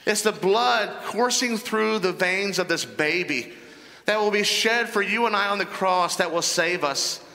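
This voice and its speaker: A man's voice: high voice, unhurried, bright, forceful tone. A man preaching a sermon as pastor, emphatic and repeating phrases for stress. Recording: long hall reverb.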